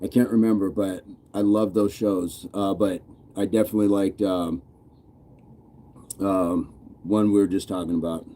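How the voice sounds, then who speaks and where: A man's voice: low-pitched, fairly even intonation, moderate pace, warm tone, a little hiss or hum. An American man casually hosting a live stream, reading viewer comments aloud in a loose, playful way with frequent chuckles. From United States. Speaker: fitness channel host reading live chat.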